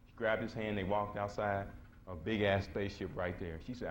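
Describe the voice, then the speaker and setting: A man's voice: lowish voice, steady tone, normal speed, a little hiss or hum. Blunt slangy man lecturing. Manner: blunt, slangy and emphatic, acting out quoted voices. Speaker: conference speaker. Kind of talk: casual storytelling lecture to a live audience. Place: conference hall before an audience.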